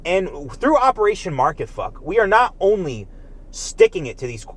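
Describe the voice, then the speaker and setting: A man's voice: high voice, sing-song, moderate pace. A man delivering a heated, profane political rant as a commentator, emphatic and agitated throughout.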